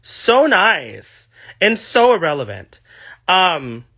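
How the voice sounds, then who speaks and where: A man's voice: sits high, wildly swooping pitch, slow, bright, forceful tone. A man in his thirties chatting casually on a livestream, answering fan questions with a gushing, sassy manner. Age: 30s.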